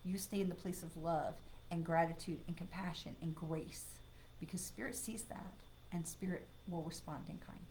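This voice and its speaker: A woman's voice: fairly low pitch, fairly even intonation, moderate pace, mellow, slight background noise. A woman reading cards on a live stream in a chatty, encouraging way, breaking off now and then to ban spammers. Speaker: psychic medium doing live card readings.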